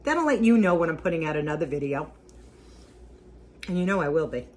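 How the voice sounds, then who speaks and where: A woman's voice: sits low, sing-song, a little fast, darkish tone, slight background noise. A woman hosting a casual cooking vlog, homey and talkative, repeating herself and humming as she tastes. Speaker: cooking vlogger.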